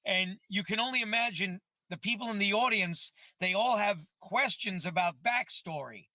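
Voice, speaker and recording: High, bright-voiced man telling stories. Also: moderate pace, dry recording. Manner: loose, rambling storyteller with frequent swearing. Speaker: guest, prank-call performer. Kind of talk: casual podcast chat.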